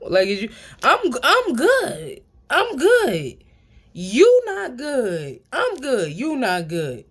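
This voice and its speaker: A woman, giving blunt, profane spiritual advice in a casual monologue, repeating lines for emphasis and laughing often. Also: mid-range voice. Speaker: spiritual tarot reader.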